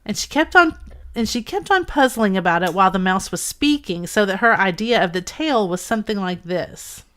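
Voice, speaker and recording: A woman co-hosting a podcast, reading a classic story aloud slowly and carefully, stopping to explain wordplay. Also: mid-range voice, animated, a bit bright. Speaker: podcast co-host.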